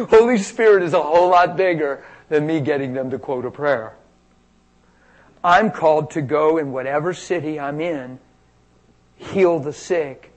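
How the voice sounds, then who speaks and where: A man preaching a sermon on healing, telling stories with animated energy and acting out the quotes. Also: a little high, low-quality recording.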